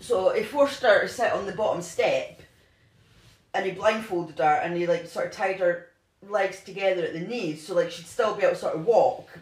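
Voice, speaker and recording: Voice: mid-range voice, normal speed. A co-host casually retelling a true-crime story, rambling with lots of "like" and restarts. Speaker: podcast co-host. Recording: roomy echo.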